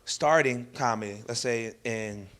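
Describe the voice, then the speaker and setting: A man's voice: medium pitch, unhurried, a bit bright. A man, a stand-up comedian, talking shop in a loose, rambling chat with casual swearing.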